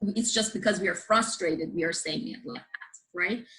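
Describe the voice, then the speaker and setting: A woman who is a guest on a show, explaining a book's ideas to a live group in a lively way and often asking her listeners questions. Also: medium pitch, normal speed, low-quality recording. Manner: lively, checks in with listeners, asks the audience questions.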